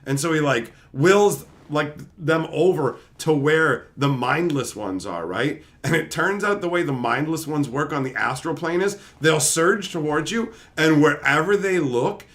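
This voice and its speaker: Host retelling comics, swears a ton, rambling and animated, bit higher voice. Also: male voice, measured pace, hardly any pauses. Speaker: channel host. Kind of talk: casual comic-book retelling.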